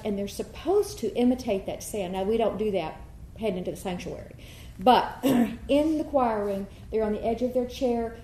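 A woman choir director giving a workshop, explaining and demonstrating warm-ups and singing vowels for her listeners. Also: medium pitch, slight background noise. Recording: echoey room with faint ambience.

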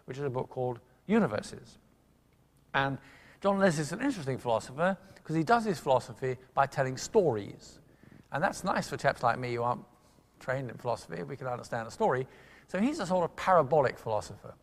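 An older man giving a public lecture, telling a science story with lively emphasis and quick asides. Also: medium pitch, vocal fry. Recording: long hall reverb.

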